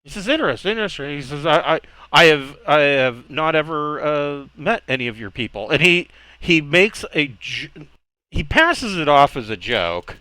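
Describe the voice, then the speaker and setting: Man, game master. Bright, crisp voice, halting delivery full of fillers. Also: fairly high pitch, lively intonation. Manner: halting, many fillers and restarts. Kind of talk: narrating a tabletop game.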